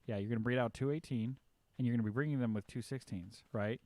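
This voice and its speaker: A man's voice: medium pitch, quick pace, mellow, dry recording. A man streaming and chatting casually, with a mid-range voice that rambles on, full of ums and restarts as he works his way through a thought. He talks like someone half-focused on the game and half on the chat. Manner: rambling, lots of fillers and restarts.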